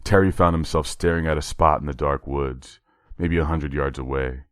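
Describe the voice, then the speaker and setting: A man narrating a horror short story in a measured, dramatic read. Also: extremely low pitch, fairly even intonation, a bit bright, clear, resonant tone, no room sound, clean studio sound.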